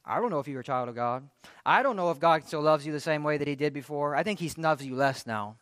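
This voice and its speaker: A man voicing the devil as a sly male spirit, whispering accusations in a hushed, insinuating way. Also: on the high side, animated, quick pace, clean tone, no echo, voice pushed down.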